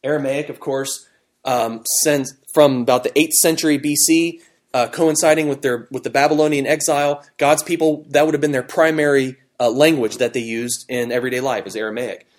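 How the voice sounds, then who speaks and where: A man teaching a Bible study class, talking in a conversational, animated way with fillers and restarts. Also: medium pitch, fairly quick. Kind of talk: classroom Bible lesson with fill-in notes.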